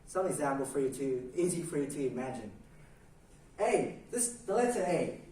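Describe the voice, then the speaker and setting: A man's voice: mid-range voice, very animated, moderate pace, a little mellow, heavy reverb. Young man, classroom presentation, hesitant with fillers, far from the mic, faint room noise. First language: Vietnamese. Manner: hesitant, with many fillers, calls out tones for the class to repeat. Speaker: student presenter.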